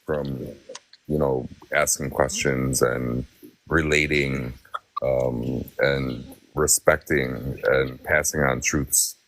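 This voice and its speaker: Man, very low voice, dry close sound, rambling casual talk. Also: little pitch movement, slow pace, a bit bright, no echo. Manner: rambling, thoughtful, many fillers. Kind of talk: casual chat.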